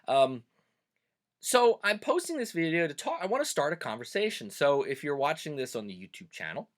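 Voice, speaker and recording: A man's voice: on the high side, sing-song, moderate pace. A middle-aged man from Pennsylvania with a Pennsylvania Dutch accent, a teacher hosting a casual, reflective video talk with plenty of fillers. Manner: conversational, reflective, many fillers. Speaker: host of a cultural video series; German teacher.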